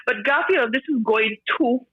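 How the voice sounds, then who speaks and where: A woman's voice: on the high side, moderate pace. A woman from Lucia, crying and speaking in impassioned, repetitive declarations as a guest in a live-stream interview. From Saint Lucia. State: tearful, crying. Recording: muffled lo-fi audio.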